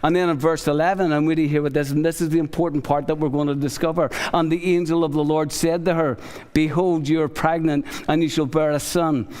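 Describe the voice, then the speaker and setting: A man with a high voice preaching a lively sermon, slipping into the voices of biblical figures. His voice rings out through a large church hall with a long tail of reverb. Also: a little fast, clean tone. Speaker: pastor.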